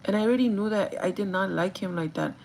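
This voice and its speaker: Talking fast in a creaky, slightly mellow medium-pitched voice, a young woman chats with viewers during a get-ready-with-me livestream. She's confiding and chatty, full of "like" fillers, with bits of Spanish mixed in. The audio is poor, with slight background noise.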